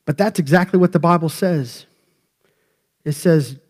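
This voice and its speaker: Casting: male pastor, slightly high voice, chatty sermon with humorous asides to the congregation. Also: unhurried, long pauses. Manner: conversational, joking asides to the congregation. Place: church sanctuary.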